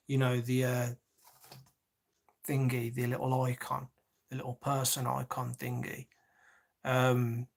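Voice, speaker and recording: A man's voice: mid-range voice, a bit bright. A man telling a long personal story in an agitated, repetitive rant, swearing often. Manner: agitated, swears heavily, repeats himself.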